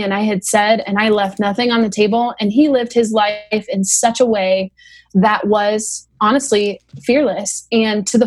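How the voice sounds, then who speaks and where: A woman guest on a podcast, speaking earnestly and reflectively in slow, deliberate phrases with pauses. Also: medium pitch. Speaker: podcast guest, founder of athlete program. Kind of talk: heartfelt podcast conversation.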